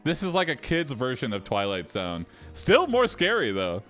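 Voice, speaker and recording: Guy streaming a text adventure, jokey and reactive, pitch all over, faint music behind. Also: wildly swooping pitch, moderate pace, fairly bright tone. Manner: joking, reactive, laughs often. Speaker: host and game player. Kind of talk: live-streamed game commentary.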